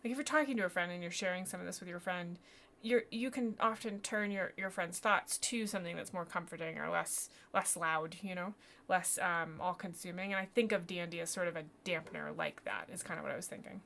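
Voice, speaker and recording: A woman's voice: fairly low pitch, fairly quick, creaky, a bit bright. A woman game master in casual tabletop talk, thinking aloud with many fillers.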